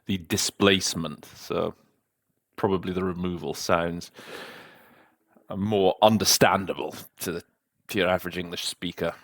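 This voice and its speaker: Host man, very deep voice, dry close sound, self-critical interpreter talking through his work. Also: fairly even intonation, normal speed, no echo. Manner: reflective, self-critical, conversational. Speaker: conference interpreter and podcast host.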